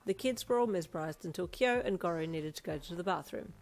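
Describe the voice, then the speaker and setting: Brief: woman narrator, second-person story reading, lively and expressive. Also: fairly low pitch, a little fast, vocal fry, soft background music. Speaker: fan fiction reader.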